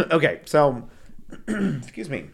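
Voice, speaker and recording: A man's voice: fairly high pitch, very animated, very slow, breathy edge. A man co-hosting a casual true-crime podcast, reading case details between rambling asides with lots of fillers. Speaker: podcast co-host.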